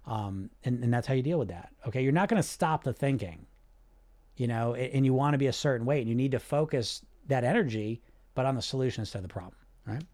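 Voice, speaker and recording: Talking fast in a mid-range voice, this weight loss coach hosts his podcast in a direct, casual way. He's animated, poses rhetorical questions, checks in with "right?" and "you see?", and swears now and then.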